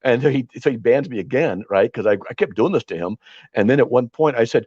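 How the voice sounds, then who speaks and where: A man leading an informal Bible study, talking in an animated, argumentative way with frequent restarts. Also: mid-range voice, a little fast, breathy edge, no echo. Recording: dull, dry lo-fi recording.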